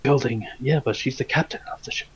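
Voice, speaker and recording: A man's voice: mid-range voice, fast talker, husky, rough recording. A man playing in a tabletop game, joking and chatting in character with wry remarks. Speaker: player. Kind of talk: casual in-character chat.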